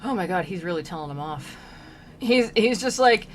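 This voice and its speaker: A woman's voice: fairly low pitch, expressive, normal speed, a little hiss or hum. A woman streamer giving casual, chatty commentary on a classic poem, with plenty of filler words and an amused tone.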